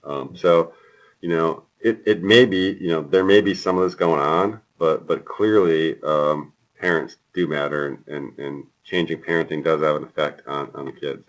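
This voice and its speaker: A man lecturing a class in a relaxed, chatty way, with many fillers and personal stories. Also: extremely low pitch, moderate pace, poor audio. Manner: relaxed and chatty, lots of ums and anecdotes. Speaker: university lecturer.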